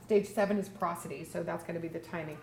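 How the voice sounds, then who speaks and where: A woman's voice: on the low side, steady tone, quick pace, vocal fry, a little mellow, a little hiss or hum. Woman lecturing as a speech therapist. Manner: explanatory, talks through slides with frequent fillers. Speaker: speech therapist presenting at a conference. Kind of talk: conference lecture.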